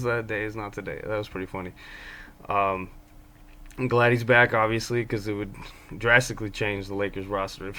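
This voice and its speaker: A man's voice: on the low side, a bit bright, smooth. A man giving casual basketball commentary as a fan of his team, rambling with many ums and restarts. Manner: fan talking about his own team.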